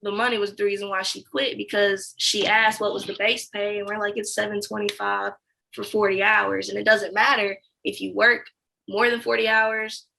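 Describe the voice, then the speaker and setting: Young woman telling a story in an interview, bright sharp tone, acts out the back-and-forth. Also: medium pitch, normal speed, creaky, rough recording. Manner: animated storytelling that acts out quoted dialogue. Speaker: interviewee, former sales account manager.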